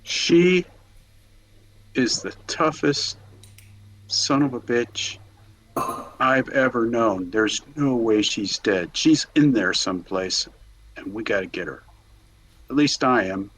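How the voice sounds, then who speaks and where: A man's voice: medium pitch, lively intonation, takes it slowly, long pauses, fairly bright tone, low-quality recording. A man playing a tabletop game, asking blunt, direct questions. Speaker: player.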